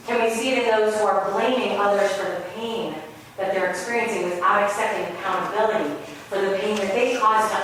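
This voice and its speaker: A woman delivers a sermon in a loose, conversational storytelling manner at a medium pitch. Her voice sits well back from the microphone. A heavy echo fills the hall, and a clear hum of room noise sits underneath her. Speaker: spiritual speaker. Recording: very echoey room, voice far from mic, ambient noise.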